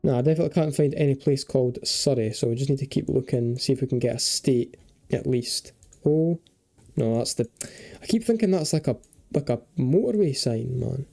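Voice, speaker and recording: Man, young adult, deep dark tone, casual game commentary, thinks out loud. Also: brisk, gravelly. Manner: chatty, thinks aloud, swears and jokes freely. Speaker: gaming video creator.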